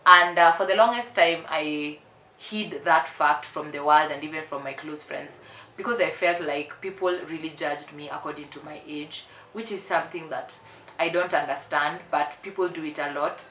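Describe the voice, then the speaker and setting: Twenty-something woman spilling confessions on her vlog, emphatic, crisp bright voice, kinda echoey room. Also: deep voice, fairly even intonation, normal speed, a little hiss or hum. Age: 20s. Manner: candid and emphatic, repeats herself for effect. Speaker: vlogger. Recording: roomy echo.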